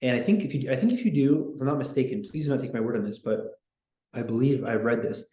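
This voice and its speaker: A man's voice: mid-range voice, fast talker. Opinionated man in an echoey room. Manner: digressive, opinionated, animated asides. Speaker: podcast host. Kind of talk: casual history talk reading quotes.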